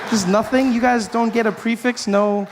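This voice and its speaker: A man with a South African accent performing stand-up comedy before a live audience, animated and acting out characters. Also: extremely high pitch, moderate pace, crowd noise. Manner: animated, acts out characters with shouting voices. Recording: stage mic with audience noise.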